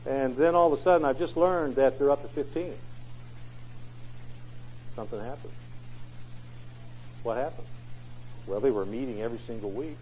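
A man's voice: medium pitch, normal speed, pauses often, darkish tone, a little hiss or hum. A man preaching a sermon in an emphatic way, often asking rhetorical questions. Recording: dull lo-fi recording.

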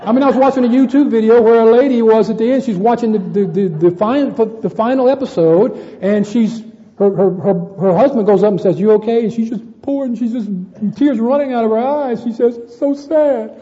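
A man's voice: very high-pitched, fairly quick, warm tone, long reverb tail, muffled recording. A man preaching a sermon to a congregation, addressing them as brethren and often repeating words as he searches for the next.

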